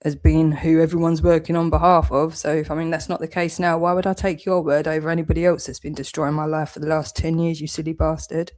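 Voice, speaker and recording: A woman's voice: deep voice, flat delivery, fast talker, few pauses, a little mellow. A British woman with a southeast English accent, delivering a heated, accusatory vlog rant full of swearing. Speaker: channel owner.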